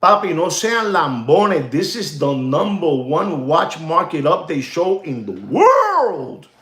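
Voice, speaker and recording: Man, high-pitched, rambling livestream host, repetitive, Spanish asides, echoey room. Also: expressive, unhurried. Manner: rambling and repetitive, addresses "ladies and gentlemen", drops Spanish phrases. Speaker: watch market livestream host. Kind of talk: casual livestream monologue.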